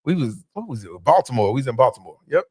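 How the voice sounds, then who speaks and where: A man's voice: medium pitch, sing-song, fast, darkish tone, breathy edge, no echo, clean studio sound. A man, a comedian guest talking in a laid-back, joking way in a casual interview.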